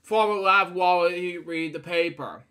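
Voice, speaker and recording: Male storybook reader, halting and stumbling, with asides between pages; bright, slightly high voice. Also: clean tone. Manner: halting, stumbling reading with fillers and side comments. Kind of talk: reading a picture book aloud with asides.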